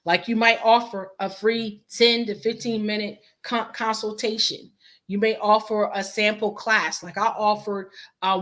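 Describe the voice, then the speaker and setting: A woman life coach leading a motivational virtual class, slow and emphatic, her voice strained and cracking from a sinus infection, repeating phrases for encouragement. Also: mid-range voice, fairly bright tone. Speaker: life coach and faith speaker. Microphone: video call.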